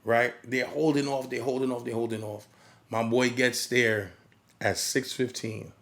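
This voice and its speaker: A man's voice: mid-range voice, flat delivery, unhurried, fairly bright tone. A man who works as a DJ, telling a story in casual podcast chat and acting out quotes and crowd hype.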